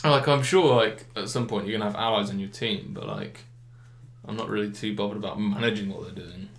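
A young man chatting casually about games, rambling with lots of fillers and clear enthusiasm. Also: fairly low pitch, fairly quick. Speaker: gaming podcast co-host. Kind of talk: casual chat. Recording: echoey room.

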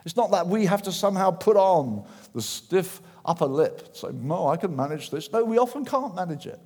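Animated preacher in a reverberant hall. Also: male voice, high-pitched, moderate pace. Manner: animated, acts out quoted voices, shifts from loud to hushed. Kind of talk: sermon.

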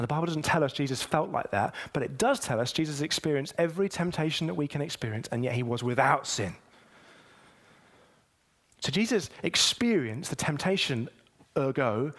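A man preaching a sermon, speaking straight to the congregation and building to emphatic peaks. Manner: emphatic, with wide swings in pitch and loudness.

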